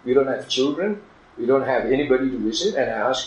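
A man's voice: mid-range voice, animated, fast talker, roomy sound, low-quality recording. A man preaching a sermon in an earnest, emphatic manner, illustrating his points with a story.

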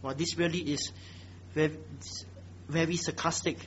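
Man, preaching, husky voice, dull lo-fi recording. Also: a little fast. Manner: emphatic, dropping to low quiet exhortation. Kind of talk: sermon. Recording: dull lo-fi sound.

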